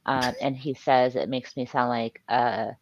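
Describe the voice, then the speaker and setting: A woman's voice: very deep voice, steady tone, a little slow, dry recording, lo-fi sound. A woman who runs her own channel, speaking frankly in a casual online chat, with hesitations and fillers. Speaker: YouTube channel host.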